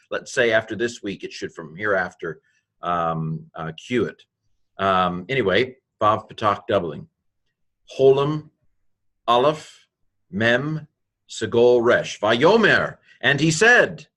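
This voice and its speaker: A man teaching a recorded lesson, slowly spelling out letters one by one and thinking aloud as he goes. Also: medium pitch, fairly bright tone.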